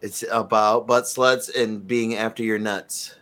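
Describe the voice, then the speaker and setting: A man's voice: fairly low pitch, steady tone, measured pace, fairly bright tone, no room sound. A man co-hosting a casual chat, chiming in with short agreements and crude jokes in a laid-back way. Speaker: co-host.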